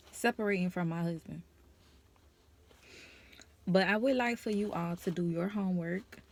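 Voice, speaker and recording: A woman's voice: on the low side, a little mellow, a little hiss or hum. A young woman vlogger speaking her personal testimony to camera, nervous and emotional, in a casual conversational way.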